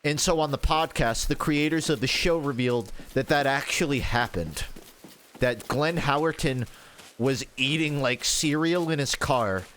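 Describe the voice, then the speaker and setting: A man's voice: medium pitch, a little slow, a bit bright, a little hiss or hum. A man streaming a video game, telling stories in a rambling, casual way with plenty of swearing. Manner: rambling, profane storytelling with laughs. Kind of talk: casual livestream chat while gaming.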